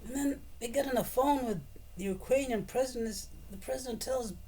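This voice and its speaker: A man's voice: very high voice, a little fast, mellow, a little hiss or hum. A man giving a profane, sarcastic and rambling political rant as a commentator.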